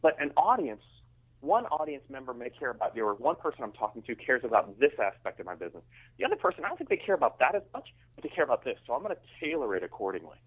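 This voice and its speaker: A man's voice: medium pitch, very animated, quick pace, husky. Male guest heard over a thin, phone-like line, emphatic and self-restarting. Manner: emphatic, repeats words when starting sentences. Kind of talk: conversational business interview.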